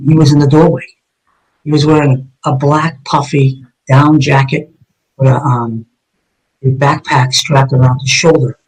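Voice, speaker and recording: A man's voice: medium pitch, little pitch movement, measured pace, low-quality recording. A middle-aged man, a retired detective, telling his story as an interview guest in a vivid, intense way, often restarting and repeating words. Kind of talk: dramatic first-person storytelling in an interview.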